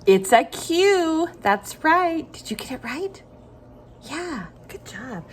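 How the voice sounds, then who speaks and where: A woman teaching a phonics lesson to young children, slow and sing-song, giving encouraging prompts and pausing for answers. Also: high voice, sing-song, a little hiss or hum.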